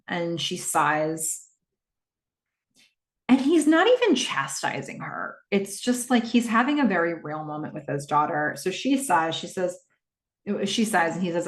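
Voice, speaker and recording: A woman hosting a podcast, retelling and reacting to a TV episode in a casual, animated way with lots of fillers. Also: on the low side, a little slow, roomy sound. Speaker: podcast host. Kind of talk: casual TV rewatch recap.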